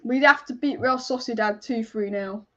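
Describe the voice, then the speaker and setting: Young woman, high-pitched, chatty fan host reacting live, casual swearing, slightly dull lo-fi sound. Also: normal speed. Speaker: football fan channel host. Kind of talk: live match watch-along commentary.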